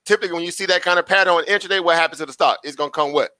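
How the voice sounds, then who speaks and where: Racing through casual live-stream commentary, this stock trader has a sharp, slightly high voice. He is chatty and repetitive, laughs a lot, and poses rhetorical questions, all captured in a dry recording.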